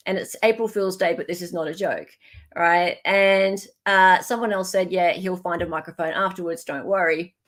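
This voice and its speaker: A woman's voice: fairly low pitch, fairly even intonation, normal speed, fairly bright tone. An Australian woman hosting a livestream in casual chat, reading out viewer comments, thanking viewers by name and laughing often. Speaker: livestream host.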